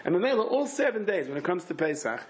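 A man, a rabbi, giving a lively Torah class in English mixed with Hebrew and Yiddish words, with sudden high, emphatic bursts. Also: fast talker.

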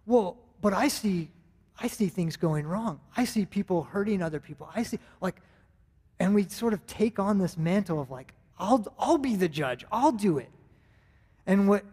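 A man's voice: high voice, darkish tone, slightly rough. A man in his thirties with an American accent, preaching a sermon in an earnest, conversational way, often restarting his sentences. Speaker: pastor. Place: church sanctuary. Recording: long reverb of a church hall.

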